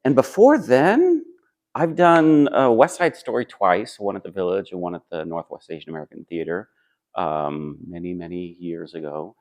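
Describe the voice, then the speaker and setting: In an interview, a man who acts on stage responds in a low voice, sounding relaxed and thoughtful. He often stops to pause, leans on fillers, and begins sentences over again.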